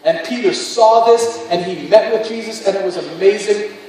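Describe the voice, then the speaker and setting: High-voiced pastor in an echoing hall. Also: male voice, normal speed, darkish tone, a little hiss or hum. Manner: earnest, confessional storytelling. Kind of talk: sermon. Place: large church hall with music. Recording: echoey hall, mic far off.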